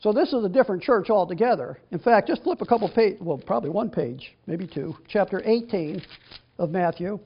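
A man's voice: sits high, animated, brisk, breathy edge, dull audio. A man preaching a sermon and teaching from the Bible, reading scripture aloud with emphatic stress.

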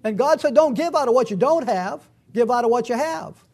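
A man preaching a conversational, verse-by-verse Bible teaching, reading scripture slowly and with emphasis. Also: extremely high pitch, lively intonation, a little mellow. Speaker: pastor.

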